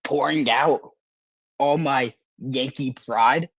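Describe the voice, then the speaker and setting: A male sports podcast host talking casually on a live stream, excitable and animated, with a parched throat that keeps making him cough and clear it. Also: medium pitch, slow pace, no echo, lo-fi sound.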